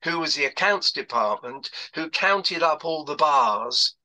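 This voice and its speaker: A man's voice: a little high, expressive, a little slow, bright, forceful tone, poor audio. An older man telling stories about his past career on a video call, rambling with lots of fillers and restarts. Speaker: guest speaker. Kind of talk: anecdotal talk on a video call.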